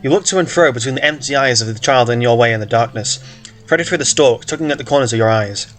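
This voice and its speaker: With soft background music, a man with a mid-range, fairly bright voice reads a story aloud for a story game at a fast clip. His manner is playful and loose, full of asides, self-interruptions, and verbal stumbles.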